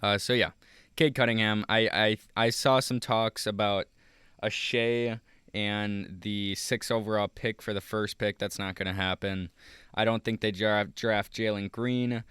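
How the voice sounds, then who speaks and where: A man's voice: on the low side, steady tone, a little slow, a bit bright, clear, resonant tone, no room sound, clean studio sound. A man casually talking through a basketball mock draft over a screen recording, rambling with many fillers and restarts. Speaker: YouTuber.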